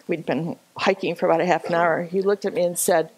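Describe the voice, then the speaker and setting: A woman telling an animated, self-deprecating personal story at a church gathering, laughing often. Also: on the low side, normal speed, few pauses, slight background noise. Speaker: speaker sharing a personal story. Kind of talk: storytelling talk with slides.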